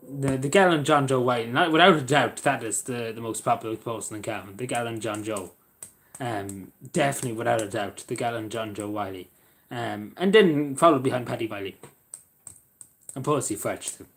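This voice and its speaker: A young Irish man speaks in a mid-range voice over slight background noise while reading chat on his live stream. Chatting casually, he rambles, restarts after stumbles, and talks to viewers by name.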